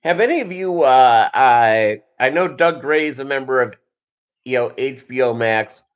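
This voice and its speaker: A man's voice: mid-range voice, expressive, measured pace, smooth, muffled recording. A man hosting a casual livestream chat, rambling and jokey, with lots of fillers. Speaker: show host.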